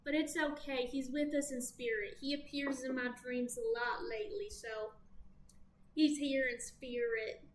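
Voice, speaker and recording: High-voiced chatty woman reading tarot. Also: fairly even intonation, measured pace. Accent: American Southern. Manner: chatty, caffeinated, playful asides. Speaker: tarot reader. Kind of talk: casual tarot reading to camera. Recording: echoey room with faint background noise.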